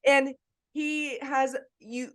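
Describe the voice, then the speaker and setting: A woman's voice: sits high, fairly even intonation, extremely slow, fairly bright tone. A woman co-hosting a casual sports podcast, talking with enthusiasm and laughing often. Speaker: podcast co-host.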